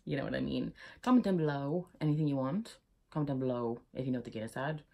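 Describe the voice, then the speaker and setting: Giggly Irish young woman with a husky voice. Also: extremely low pitch, fast, darkish tone. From Ireland. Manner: giggly and chatty, prone to laughing fits. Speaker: YouTuber. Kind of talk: casual vlog chat.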